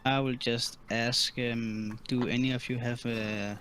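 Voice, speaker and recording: Halting male game master with faint noise. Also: medium pitch, little pitch movement, a bit bright. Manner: halting, full of ums and restarts, laughs easily. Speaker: dungeon master. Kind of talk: running a tabletop game online.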